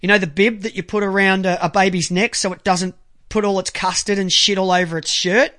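Ranting man, high bright voice. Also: fairly even intonation. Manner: crude and ranting, halting when reading aloud. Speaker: vlogger. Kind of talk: angry profane monologue to camera.

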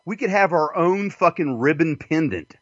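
A man's voice: a little high, animated, normal speed, a bit bright, dry recording. A man with a Southern US accent hosting a radio show, rambling through a profane comic monologue and laughing often. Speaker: radio host. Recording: dull lo-fi dry sound.

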